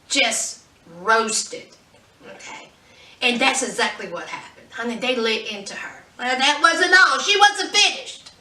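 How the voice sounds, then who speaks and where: High, bright woman vlogger, sassy and chatty, echoey room. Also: sing-song, unhurried. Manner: chatty, sassy, says "honey". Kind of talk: casual pop-culture commentary. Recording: roomy echo, distant mic.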